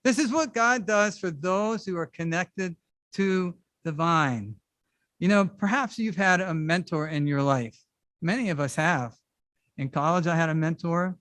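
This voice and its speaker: A middle-aged man preaching a sermon in a conversational, animated way with casual asides. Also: high voice, a little slow, dry recording. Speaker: pastor. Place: church service.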